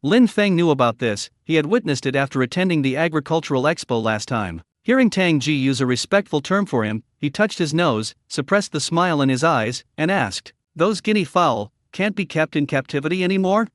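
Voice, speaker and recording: A man's voice: a little high, animated, brisk, few pauses, no echo, studio quality. A man narrating a recap of a comic story in a scripted reading style, voicing each character's lines in his own voice.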